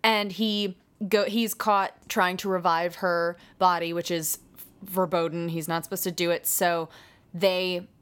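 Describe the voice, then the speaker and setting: A woman's voice: fairly low pitch, unhurried, clear, resonant tone. A woman co-hosting a film podcast, chatting casually and animatedly, laughing often. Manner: animated, laughs often, does mock voices. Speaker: podcast co-host. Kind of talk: casual chat about films.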